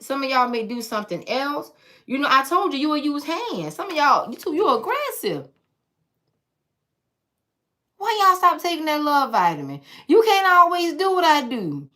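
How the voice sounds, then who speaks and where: A woman with a bright, forceful voice reads tarot cards straight to her viewers, blunt and sassy. Her pitch swings up and down in a lively way, and she drops teasing, profane asides along the way. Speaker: tarot reader. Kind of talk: casual tarot reading to viewers.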